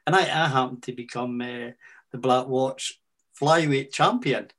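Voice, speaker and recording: A Scottish man in his sixties with a Fife accent guests on a casual interview, recounting army boxing stories. He halts and restarts, drops in broad Scots words, and speaks at a medium pitch with a slightly bright tone.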